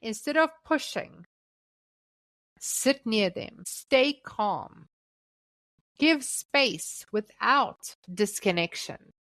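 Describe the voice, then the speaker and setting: A woman delivers a scripted devotional teaching for parents, her voice a touch high and her pace very slow. She speaks gently in short, emphatic phrases. The recording is close and dry, with no room sound. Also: expressive, no room sound. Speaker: Christian parenting podcast host.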